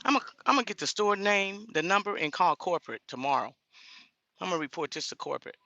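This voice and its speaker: A woman's voice: lowish voice, animated, fast, bright, forceful tone, no room sound, dull audio. A woman talking straight to her viewers in a casual vlog, blunt and indignant. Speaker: vlogger.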